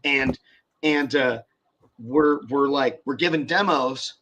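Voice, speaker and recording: Bright-voiced man rambling with profanity. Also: medium pitch, takes it slowly, slight background noise. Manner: rambling, profane, many fillers and restarts. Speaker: car audio builder. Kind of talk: casual podcast chat.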